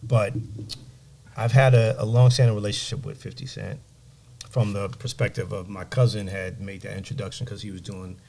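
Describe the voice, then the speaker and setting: A man as a podcast guest, telling animated stories and giving emphatic motivational advice. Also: fairly low pitch, normal speed, creaky. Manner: animated storyteller, acts out quoted voices. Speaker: guest, music executive. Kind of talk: storytelling in a podcast interview.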